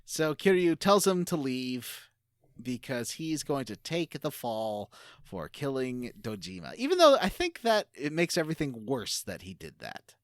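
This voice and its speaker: This co-host of a gaming podcast has a mid-range voice with wildly swooping pitch and speaks a little slowly. Laughing often, he explains the game's story with plenty of fillers, recorded dry at studio quality.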